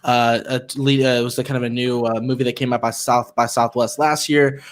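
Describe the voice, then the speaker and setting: Male co-host from Florida, rapid rambling delivery, middle pitch, casual. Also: little pitch movement. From Florida, United States. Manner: rambling, many fillers and restarts. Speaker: podcast co-host. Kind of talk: casual chat.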